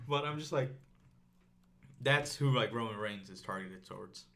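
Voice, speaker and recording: A man co-hosting a casual chat podcast with a bright, forceful tone. He argues his points emphatically and keeps saying "like" as he builds his case. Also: on the low side, normal speed, gravelly. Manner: animated, emphatic, lots of "like". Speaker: podcast co-host.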